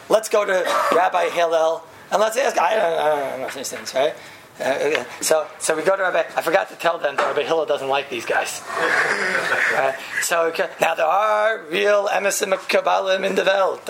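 A man telling an animated story to listeners, laughing often and acting out the people in it. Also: high-pitched, creaky, noisy background. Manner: lively, laughing, acts out voices, frequent "right?". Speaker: speaker telling a story to a group.

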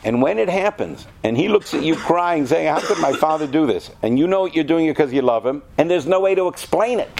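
A man teaching a class of students, animated and talkative, often asking them questions. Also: a little high, fairly quick, creaky, hardly any pauses, a little hiss or hum. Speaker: yeshiva teacher. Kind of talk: lecture to students.

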